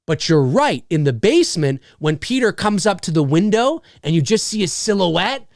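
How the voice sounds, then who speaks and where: A man's voice: high-pitched, big pitch swings, moderate pace, no echo, studio quality. A man hosting a casual live stream, rambling through viewer comments with lots of fillers and frequent laughs. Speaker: live show host.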